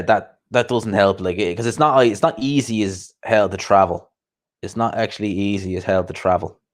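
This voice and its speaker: A man hosting a casual livestream chat, chatty and quick to laugh, often repeating himself and swearing. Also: on the low side. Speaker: host.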